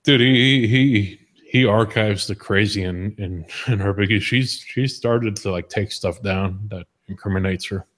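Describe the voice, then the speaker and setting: A man's voice: on the low side, measured pace, fairly bright tone. A man hosting a live stream, chatting casually about online drama, laughing often and repeating his words as he goes. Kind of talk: casual political chat.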